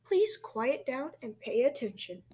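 A woman's voice: high voice, big pitch swings, measured pace, a little mellow, slightly rough, full character voice. A woman doing a coaxing schoolteacher. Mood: teacherly. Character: patient female schoolteacher.

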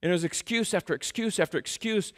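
Male pastor, sermon, conversational, animated, fairly high voice, long church reverb. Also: fast. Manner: conversational, self-deprecating, animated storytelling. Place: church sanctuary.

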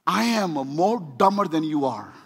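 A man with an Indian accent preaching a sermon, swinging between shouting and hushed delivery, with humorous asides. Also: a little high, sing-song, normal speed, vocal fry, slightly rough. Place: church sanctuary. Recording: long reverb of a church hall.

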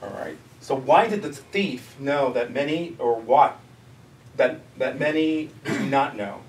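A man's voice: mid-range voice, expressive, unhurried. Male group-study leader, casual and conversational, recorded from a distance in a roomy hall. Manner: conversational, asks the group questions. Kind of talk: casual teaching. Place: church meeting room. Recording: echoey room, distant mic, faint noise.

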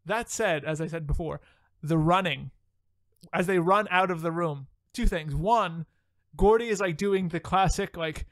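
High-voiced podcast host, laughing often. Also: male voice, measured pace, no room sound. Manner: animated, laughs often, swears casually. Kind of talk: casual chat.

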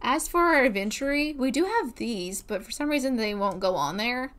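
A woman's voice: fairly high pitch, expressive, normal speed, a bit bright. A woman hosting a casual gameplay let's play, gushing with bubbly exclamations as she plays.

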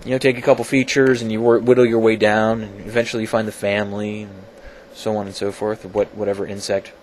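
A man's voice: fairly low pitch, little pitch movement, fast talker, a little mellow, slight background noise. A man talking casually in a science vlog from his home computer, rambling and self-deprecating, with many fillers and restarts. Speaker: video blogger.

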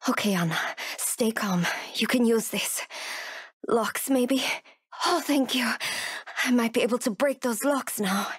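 An actress voicing a frightened young woman from Texas in a video game, wounded and hiding, whispering to herself to keep calm. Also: on the high side, slightly rough, no echo, clean studio sound, heavily acted. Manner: whispers and talks herself through danger. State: wounded and in pain. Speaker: game character.

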